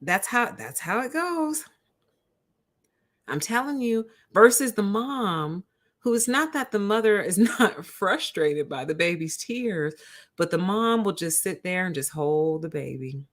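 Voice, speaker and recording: A woman hosting a livestream, telling a story to her chat in an animated way and calling her listeners honey and y'all. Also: mid-range voice, a little slow. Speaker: host.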